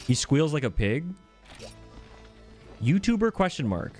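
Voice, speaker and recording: A man's voice: a little high, big pitch swings, measured pace, long pauses, darkish tone, soft background music. A man streaming a video game live, chatting playfully and joking with his viewers. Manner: playful, joking, reacts to chat. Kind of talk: casual live gameplay commentary.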